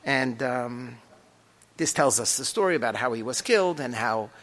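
A man's voice: medium pitch, moderate pace. Man teaching Talmud in a reverberant hall. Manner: animated, frequent rhetorical questions. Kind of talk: Talmud class lecture.

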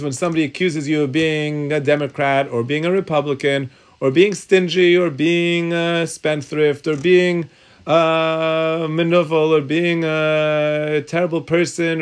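Here is a slightly high male voice teaching Talmud and halacha in a synagogue study hall. Thinking as he talks, he frequently restarts his sentences and mixes Hebrew words into his English.

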